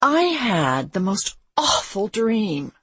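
A woman's voice: mid-range voice, big pitch swings, slow pace, a bit bright, breathy edge, no room sound, pitched above the performer's own voice, full character voice. A woman narrator voicing a sardonic, languid young woman who speaks in a dry, bored, sarcastic way.

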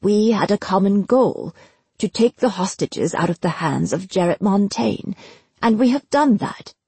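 A woman voicing a smooth, scheming male spy master in a storybook, calm and unruffled. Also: mid-range voice, a little slow, dry recording, exaggerated voice.

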